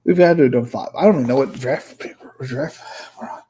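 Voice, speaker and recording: A husky, mid-pitched man talks into his desk mic while streaming fantasy sports drafts. He is a little out of breath. He thinks aloud in loose, profane, half-muttered asides. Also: fairly quick, mellow, rough recording. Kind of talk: casual livestream commentary.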